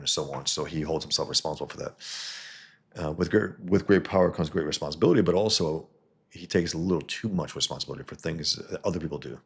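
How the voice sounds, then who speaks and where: A man with a very deep, husky voice talks through a comic on his live stream. He rambles and digresses, starting sentences over and filling gaps with ums and uhs. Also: fairly even intonation, quick pace. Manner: rambling, digressive, many fillers and restarts. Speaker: comic book reviewer and live stream host. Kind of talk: casual live-stream commentary and comic reading.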